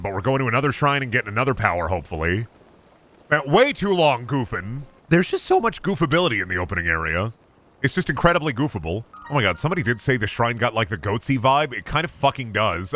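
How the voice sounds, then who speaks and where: A young adult man streaming a game, joking and swearing, with sudden loud bursts. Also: mid-range voice, a little fast. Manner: lively, swearing, jokey, shouts in bursts. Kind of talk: gameplay commentary.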